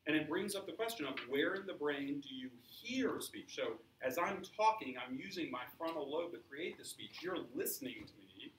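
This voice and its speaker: A man gives a science lecture to a class, explaining with examples and putting questions to his students. His voice is on the high side, and the recording, made from far off, is echoey with background noise.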